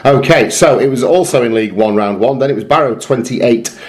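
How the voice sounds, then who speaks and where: A man co-hosting a casual sports podcast, reading out match results and trading quick, teasing banter. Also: mid-range voice, a little mellow. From England. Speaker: podcast co-host.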